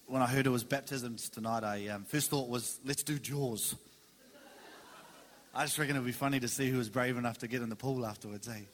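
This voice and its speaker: A man preaching a sermon in a conversational, animated way with dramatic pauses. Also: mid-range voice. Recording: long reverb of a large hall.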